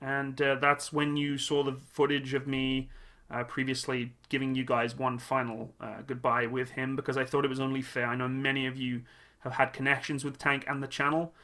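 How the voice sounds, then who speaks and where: A man speaks to his channel's viewers in a personal vlog tribute. His voice is bright and forceful in tone, but his delivery is halting and emotional, full of pauses and restarts. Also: mid-range voice, little pitch movement. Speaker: channel host.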